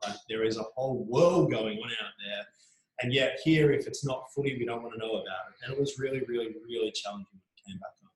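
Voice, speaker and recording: A man's voice: medium pitch, fast. An Australian man in his thirties, a journalist telling stories of his career in a casual interview, with plenty of ums. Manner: chatty, frequent ums, animated anecdotes. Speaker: journalist guest. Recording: roomy echo.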